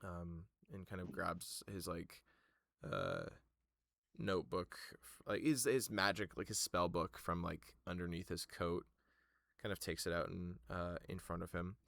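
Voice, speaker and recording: Slow, gravelly male game master. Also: low-pitched, steady tone, fairly bright tone, no room sound, clean studio sound. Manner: halting, full of fillers and restarts. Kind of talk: narrating a tabletop game.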